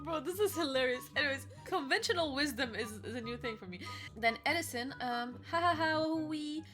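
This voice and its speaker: Young woman, Arabic accent, high bright voice, giggly, faint music behind. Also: brisk. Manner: giggly, exclaiming, stumbles when reading. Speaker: co-host reading a manga chapter. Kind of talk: casual chat, reading aloud.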